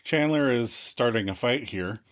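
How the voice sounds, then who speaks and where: A man's voice: medium pitch, normal speed. A man co-hosting a podcast, casually recapping a TV episode and acting out quotes. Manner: animated storytelling, acts out quotes. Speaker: podcast co-host.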